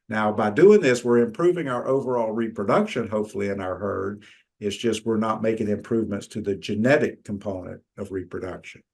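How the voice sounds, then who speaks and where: A man's voice: fairly low pitch, a little mellow. A middle-aged man, giving a conversational lecture from slides, with frequent fillers and restarts. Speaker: extension lecturer.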